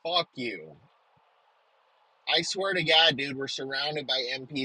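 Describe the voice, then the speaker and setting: A man's voice: medium pitch, takes it slowly, pauses often, sharp tone, breathy edge, dry recording, low-quality recording. A man delivering an aggressive comedic rant, swearing nonstop and hurling insults.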